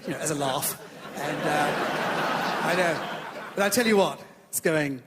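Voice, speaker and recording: A man's voice: fairly high pitch, a little slow, heavy background noise. A man doing stand-up comedy on a theatre stage, chatty and self-mocking. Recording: echoey theatre hall.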